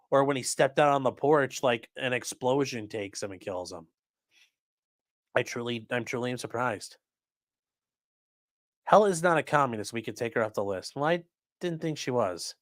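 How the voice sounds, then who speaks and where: A man's voice: mid-range voice, animated, normal speed, pauses often, no echo, clean studio sound. A man hosting a crime news livestream, talking casually and bluntly, swearing now and then and reading viewer comments aloud. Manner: blunt, profane, reads chat aloud. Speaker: livestream host.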